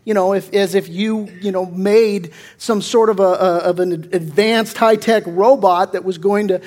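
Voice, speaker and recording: High-pitched guy preaching, loose and chatty, lots of uhs and restarts. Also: fairly even intonation, moderate pace, darkish tone. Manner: conversational, joking, with many fillers and restarts. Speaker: pastor. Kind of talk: sermon.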